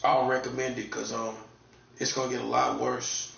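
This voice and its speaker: A man's voice: mid-range voice, flat delivery, brisk, creaky, a bit bright, slight background noise. A man from North Carolina with a Southern accent, talking in a casual, laid-back, repetitive monologue with a warning tone. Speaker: online commentator. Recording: distant, echoey, dull lo-fi room sound.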